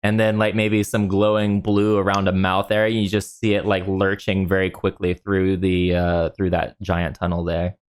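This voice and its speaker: A man running a tabletop game as dungeon master, relaxed and often laughing. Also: low-pitched, normal speed, hardly any pauses, clear, resonant tone.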